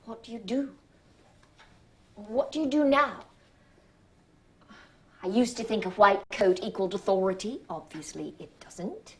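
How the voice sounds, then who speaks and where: Woman, stage monologue as a doctor, halting, stammering, unhurried. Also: mid-range voice. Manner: hesitant, self-doubting, halting with stammered restarts. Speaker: actor playing a hospital doctor. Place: stage performance.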